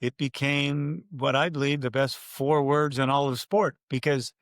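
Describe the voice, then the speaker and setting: An older man, a former race announcer, telling stories in an interview and acting out his own loud calls. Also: medium pitch, a little slow, no room sound, studio quality. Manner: animated storyteller, acts out his own calls loudly. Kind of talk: conversational storytelling interview.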